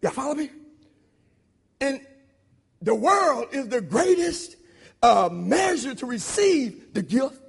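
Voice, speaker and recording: A man preaching a sermon in an informal, repetitive style, swinging between loud shouted emphasis and low murmured asides. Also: sing-song, takes it slowly, gravelly, pauses often, slightly rough.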